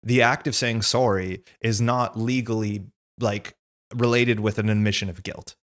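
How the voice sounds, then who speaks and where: A man's voice: fairly low pitch, fairly even intonation, normal speed, fairly bright tone. A man co-hosting a card game livestream, joking and chatting casually as he reads out viewer messages. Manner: joking, chatty, reading out chat. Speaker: livestream co-host. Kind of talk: casual gaming stream banter. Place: live card game stream, home setup.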